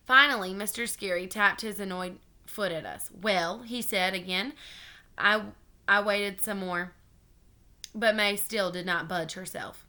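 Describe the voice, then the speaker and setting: A woman reading a children's chapter book aloud in an expressive, animated way. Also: mid-range voice, measured pace. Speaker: storybook reader.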